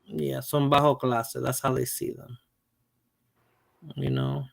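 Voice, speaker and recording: A man's voice: mid-range voice, slow pace, gravelly, no room sound. A man from the northeastern US chatting casually, mixing Spanish into his English as he tells stories. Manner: animated storyteller, mixes Spanish and English. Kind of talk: casual chat.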